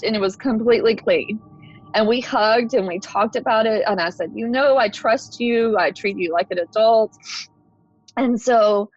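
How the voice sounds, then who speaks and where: Podcast guest: conversational woman in her forties, recounting her own story, heard on a somewhat dull recording. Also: a little high. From Texas. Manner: conversational, many "like" fillers. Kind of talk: personal storytelling.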